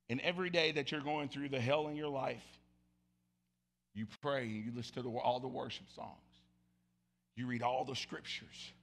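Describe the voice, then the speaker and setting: A middle-aged man preaching a lively sermon, jumping between shouted lines and low, quiet asides. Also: moderate pace. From Southern United States. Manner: animated storytelling, swinging from loud shouts to low murmurs. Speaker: pastor. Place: church sanctuary.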